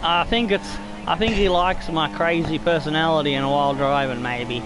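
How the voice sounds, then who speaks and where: A man with an Australian accent commentating his own racing game stream, excitable and swearing freely, yelping at scary moments. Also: fairly high pitch, moderate pace, background noise. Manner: excitable, swears a lot, yelps at scares. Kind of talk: casual gameplay commentary.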